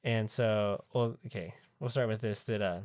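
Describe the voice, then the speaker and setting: A man's voice: fairly low pitch, steady tone, moderate pace, a little mellow, no echo, studio quality. A man co-hosting a podcast, chatting casually in a crude, joking way and laughing often. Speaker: podcast co-host. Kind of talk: casual chat.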